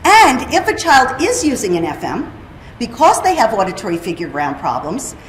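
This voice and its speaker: Woman presenter, high-ish voice, teaching tone with questions to the room, echoey hall. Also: huge pitch swings, normal speed, slight background noise. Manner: explanatory, asks the audience questions. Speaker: presenter on hearing and speech. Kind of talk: conference presentation. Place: conference room. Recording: roomy hall with faint ambience.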